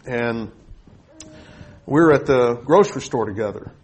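Husky-voiced male preacher telling a story. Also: mid-range voice, measured pace. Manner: storytelling with rising excitement, reads scripture aloud. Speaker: pastor. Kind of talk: sermon.

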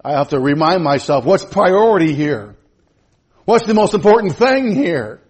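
A middle-aged male pastor preaching a sermon in church, stammering and repeating words, with sudden swings between loud, excited passages and quiet asides. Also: a little high, normal speed, slightly rough.

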